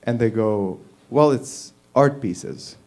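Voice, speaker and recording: A man with a middle-pitched voice performs a stand-up rant on a live stage. He swears freely, gets animated and laughs along with his own jokes. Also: takes it slowly. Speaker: stand-up comic.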